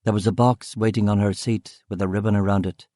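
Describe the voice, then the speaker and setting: A man narrating a first-person crime novel audiobook in a dry, wry, measured way. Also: fairly low pitch, little pitch movement, warm tone, no room sound.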